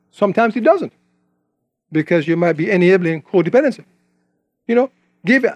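Man, preacher, high voice, conversational sermon, questions to the congregation, dry recording. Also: darkish tone, dry recording. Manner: conversational, quotes scripture, asks the congregation questions.

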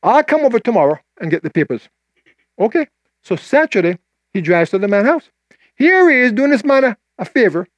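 An older man preaching a sermon, telling a story and voicing its people, then slowing down to read scripture. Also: no room sound, muffled recording. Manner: animated storyteller, quoting voices with rising pitch, slowing for scripture.

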